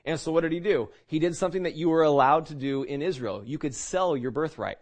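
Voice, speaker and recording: Conversational preacher, a man, fairly high voice. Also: a little fast, darkish tone. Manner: conversational, many restarts and rhetorical questions. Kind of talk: sermon teaching.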